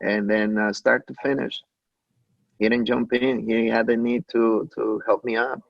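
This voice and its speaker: Gravelly-voiced Mexican-born man, low and husky. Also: flat delivery, dry recording, highs cut off. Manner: anecdotal, acts out quoted dialogue, halting with many restarts. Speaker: chef, interview guest. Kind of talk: conversational interview.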